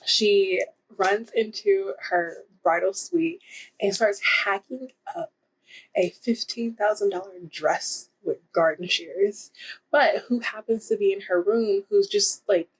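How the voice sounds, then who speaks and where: A woman's voice: medium pitch, takes it slowly, slightly rough, poor audio. A young woman casually reviewing romance books in a rambling, giggly way, with lots of fillers. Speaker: book vlogger. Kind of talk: casual book review vlog.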